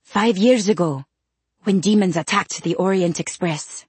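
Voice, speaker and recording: A woman voicing a young werewolf queen with a French accent, eager and warm-hearted. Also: fairly low pitch, unhurried, husky, no room sound. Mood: soft.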